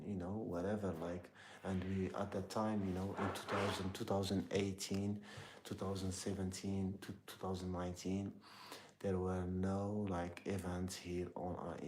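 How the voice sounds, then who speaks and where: A young man from Algeria with an Algerian accent, chatting casually with live viewers and often pausing to search for his words. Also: deep voice, darkish tone, slight background noise. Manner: halting, searching for words, heavy use of "like" and "you know". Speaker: live streamer answering chat.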